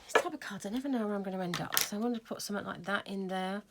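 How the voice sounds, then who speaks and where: A woman's voice: mid-range voice, rapid-fire, heavy background noise. A woman hosting a casual crafting tutorial, chatting and thinking aloud as she works. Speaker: craft video host.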